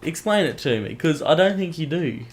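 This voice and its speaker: A man's voice: fairly high pitch, animated, normal speed. A teenage boy chatting on a casual podcast, asking dry questions. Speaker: podcast co-host. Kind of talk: casual chat.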